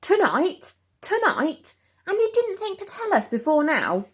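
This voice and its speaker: A mother from a storybook, angry and sharp-tongued, her voice pitched up high and shrill. A woman puts her on while reading aloud. She talks with indignant force. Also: huge pitch swings, normal speed, slightly rough, exaggerated voice. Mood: furious.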